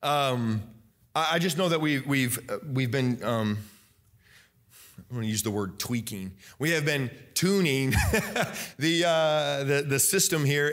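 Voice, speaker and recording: A young man preaching a sermon as pastor, loud and animated, breaking into sing-song emphasis. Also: medium pitch. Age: young adult.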